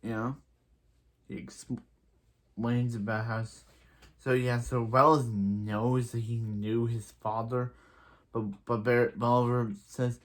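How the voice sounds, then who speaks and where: A man's voice: mid-range voice, level tone, takes it slowly, pauses often. A man recapping a TV episode in a casual, rambling way, with many restarts and filler words. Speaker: show reviewer.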